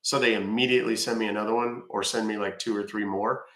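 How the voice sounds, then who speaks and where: A man's voice: fairly low pitch, steady tone, fast talker, hardly any pauses, a bit bright, reverberant. A man hosting a livestream who chats loosely and swears freely. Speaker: livestream host. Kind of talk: casual livestream chat.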